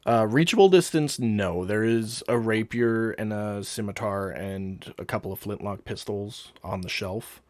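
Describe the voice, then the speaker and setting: A man's voice: on the low side, measured pace, hardly any pauses, darkish tone, dry recording. A man acting as game master, patiently explaining rules and describing the scene step by step. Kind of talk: running a tabletop game online.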